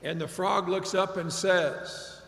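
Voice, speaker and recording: A man's voice: high voice, fairly even intonation, slow, gravelly, fairly bright tone. An older man from Ohio giving a commencement speech, telling stories in a folksy, emphatic way. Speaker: commencement speaker. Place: large graduation venue. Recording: echoey hall reverb.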